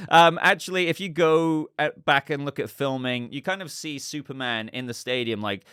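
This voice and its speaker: A man's voice: mid-range voice, sharp tone, clear, resonant tone, no echo, clean studio sound. A man hosting a casual news commentary show, chatty and rambling with lots of fillers. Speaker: host.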